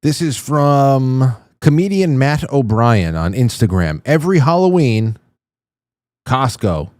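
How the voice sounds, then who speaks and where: Amused host reacting to clips, dry studio sound. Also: male voice, medium pitch, big pitch swings, takes it slowly, a little mellow, no room sound. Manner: amused and wry. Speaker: show host. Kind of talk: casual commentary on video clips.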